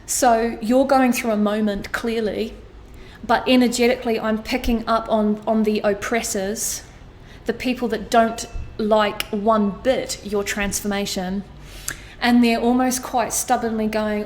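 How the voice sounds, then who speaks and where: A woman giving an intuitive astrology reading to camera, animated and blunt, swearing casually as she talks. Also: on the high side, measured pace, a little hiss or hum. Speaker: astrology tarot reader.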